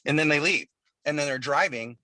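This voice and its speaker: A man's voice: fairly high pitch, a little fast, pushed and bright, no echo. A man being interviewed over a video call, chatting casually as a musician guest, telling long stories in a loose, profane way. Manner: profane, rambling storyteller.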